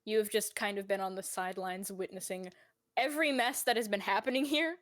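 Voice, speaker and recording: A woman's voice: mid-range voice, brisk, a bit bright, no echo. Woman game master, casual and dry-sounding. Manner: casual and swearing, with lots of fillers. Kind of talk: narrating a tabletop game.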